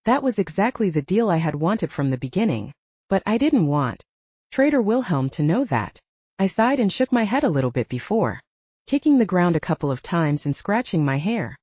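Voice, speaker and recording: A woman narrating a first-person audiobook in an animated storytelling manner. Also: lowish voice, moderate pace, breathy edge, no room sound. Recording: dull lo-fi dry recording.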